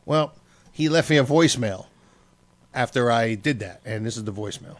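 A man's voice: mid-range voice, normal speed. A man hosting a radio show, telling stories in loose casual banter full of fillers. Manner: loose storytelling with many fillers.

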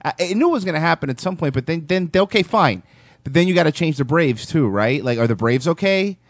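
A man hosting a comedy podcast, talking in a crude, sarcastic, animated way. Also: a little high, quick pace, no room sound. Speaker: podcast host. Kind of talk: casual comedy chat.

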